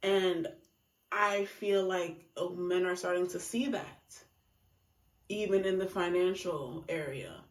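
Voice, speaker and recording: A woman's voice: fairly low pitch, takes it slowly, reverberant. A woman giving a casual monologue about relationships, talking emphatically and acting out reactions in quoted voices. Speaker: relationship commentator.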